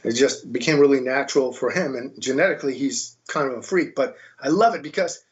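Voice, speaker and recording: An American man telling stories in a lively, casual way as a podcast guest. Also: mid-range voice, a little fast. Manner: animated, mimics voices in quotes. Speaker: podcast guest, kettlebell instructor. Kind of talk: casual storytelling. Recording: dull lo-fi sound.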